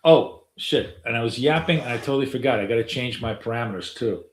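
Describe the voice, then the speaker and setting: A man's voice: medium pitch, brisk. A middle-aged man trading live on a stream, chatting casually, rambling and swearing offhandedly, with lots of fillers. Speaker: day trader streaming live. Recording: roomy, echoey room.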